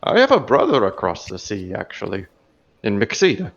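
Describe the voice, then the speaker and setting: A man doing a gruff dwarf. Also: on the low side, wildly swooping pitch, normal speed, muffled recording, voice pushed down, full character voice. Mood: gossiping. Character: gruff old male dwarf on a minecart.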